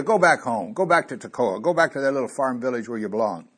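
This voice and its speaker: A man preaching a sermon, telling a Bible story and getting louder when he quotes scripture. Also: mid-range voice, brisk, few pauses, slightly rough. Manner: animated, rising loud on quoted scripture.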